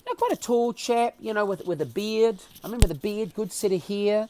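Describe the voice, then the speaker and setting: A man's voice: high voice, brisk, a little mellow, slight background noise. Middle-aged New man, podcast guest, comic self-mocking raconteur. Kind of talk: animated personal storytelling.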